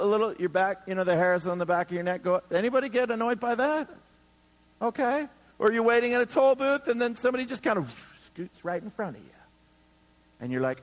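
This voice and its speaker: Animated male pastor preaching in a hall. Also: high voice. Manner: animated, joking, acts out quoted people. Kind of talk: sermon. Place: church hall before a few hundred people.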